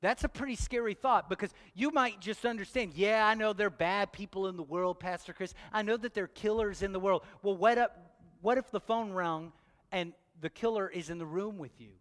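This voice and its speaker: Preaching in a church hall, this pastor jokes with his listeners and questions them again and again in a playful, direct manner. His voice is high-pitched with a fairly bright tone, and the recording carries long hall reverb.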